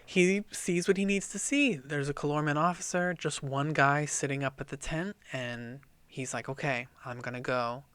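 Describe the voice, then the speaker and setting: An animated man co-hosts a casual book podcast, retelling the story with cursing and quick acted-out lines. His voice is bright and forward. The recording is close and dry. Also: fairly high pitch, clean tone, dry recording. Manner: animated, profane, acts out lines. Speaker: podcast co-host. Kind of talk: casual book-club chat, retelling the plot.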